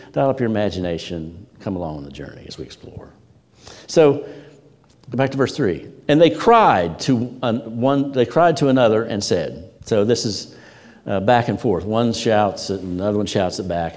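A man's voice: medium pitch, darkish tone. A man preaching a sermon as a pastor, telling stories with energy and repeating words for emphasis. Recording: long hall reverb.

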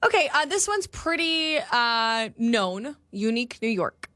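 Female co-host, teasing and casual, animated higher voice, dry studio mic. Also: a little slow, no echo. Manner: teasing, prompting. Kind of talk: casual chat, running a tongue twister game.

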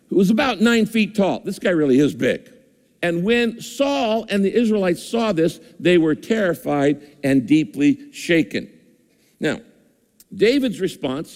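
A pastor with a voice a touch higher than most men's delivers a sermon in an easy, conversational way. He circles back and repeats his phrases as he talks. His voice rings out through the long reverb of a church hall. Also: darkish tone. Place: church or auditorium with a screen.

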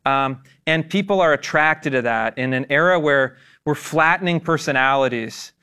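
A man giving his views as a panel guest on a talk show, speaking in a measured, articulate way. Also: on the high side, sharp tone, clean tone. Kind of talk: opinion commentary.

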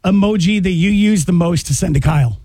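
A man's voice: sits high, brisk, dark tone, no echo. A man hosting a radio show, chatting casually and teasing his co-host with playful questions. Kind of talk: casual on-air chat. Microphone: studio microphone.

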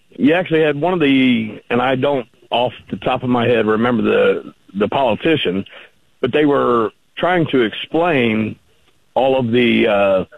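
A man calling in to a radio talk show, arguing his points slowly and deliberately. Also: medium pitch, dry recording. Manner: slow and gravelly, argues point by point. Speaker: caller. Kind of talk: phone-in caller on talk radio. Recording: tinny phone line.

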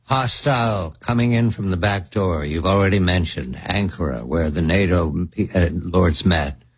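A man hosting an interview, asking deliberate, probing questions. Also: deep voice, husky. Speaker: interview host.

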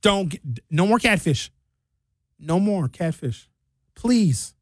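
Ranting radio talk host, dry close mic. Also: male voice, high voice, lively intonation, takes it slowly, no room sound. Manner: ranting, comic, puts on mocking voices. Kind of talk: casual radio monologue.

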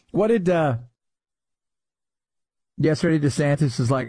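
A man's voice: fairly high pitch, expressive, a little slow, pauses often, warm tone, no room sound. A middle-aged man hosting a talk radio show, joking casually and playfully mangling names before moving into reads. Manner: jokey, mangles names playfully, laughs at himself. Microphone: studio microphone.

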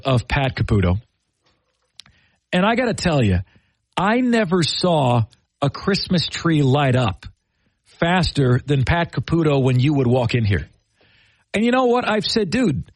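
A man's voice: a little high, no room sound. A man hosting sports talk radio, building his points with rhetorical questions. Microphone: studio microphone.

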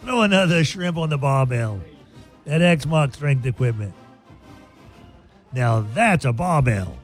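A man's voice: medium pitch, animated, a little slow, soft background music. A man putting on a jokey Australian accent for a comic radio ad read. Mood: joking. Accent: put-on Australian. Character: jokey Australian male pitchman.

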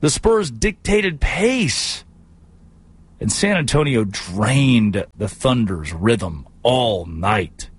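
A man hosting a sports talk show, delivering an animated, jokey monologue and slipping into silly voices. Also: medium pitch, extremely slow, husky. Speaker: sports radio host.

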